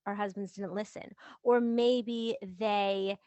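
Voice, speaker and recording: Her voice is medium-pitched, slow and smooth, captured in a dry recording. As a podcast host and relationship coach, she gives casual advice in a lively manner, doing little voices for the examples she quotes.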